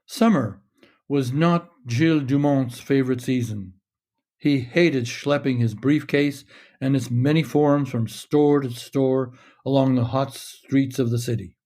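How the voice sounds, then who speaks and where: A man reading his own short story aloud in a measured, steady narration. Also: mid-range voice.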